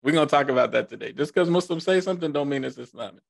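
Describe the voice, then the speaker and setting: Man, gravelly, dry close sound, informal, repeats phrases, online class host. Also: fairly high pitch, rapid-fire, no echo. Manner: informal, joking, repeats himself. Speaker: class instructor. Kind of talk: casual teaching on a video call.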